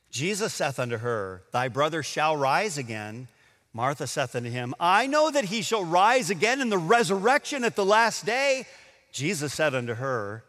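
A man's voice: fairly high pitch, bright, forceful tone, big-room sound. A man preaching a sermon, reading scripture aloud and acting out the speakers, his voice jumping up for the emotional lines.

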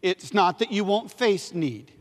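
A male pastor preaching a sermon, leading call-and-response, repeating key phrases and swinging between loud emphasis and hushed lines. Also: sits high, expressive, measured pace. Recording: long hall reverb.

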